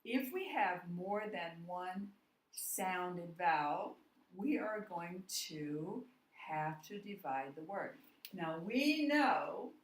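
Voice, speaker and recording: A woman teaching a phonics lesson, walking through each step slowly and spelling out words letter by letter. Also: lowish voice, expressive. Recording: echoey room, voice from far off the mic.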